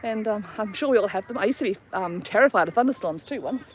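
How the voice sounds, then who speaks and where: A middle-aged woman chats through a live stream outdoors, a little out of breath from walking. She tells stories with easy self-mocking laughs, speaking at a middling pitch into a phone held at arm's length, with faint background noise. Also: animated, fast talker. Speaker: travel vlogger hosting a live stream. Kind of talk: casual live chat while walking her dog. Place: outdoors on a walk.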